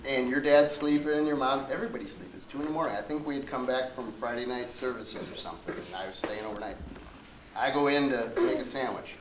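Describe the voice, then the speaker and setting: A man's voice: mid-range voice, fast talker. A man casually telling a funny story at a birthday gathering, laughing as he talks. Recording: echoey hall with loud crowd noise.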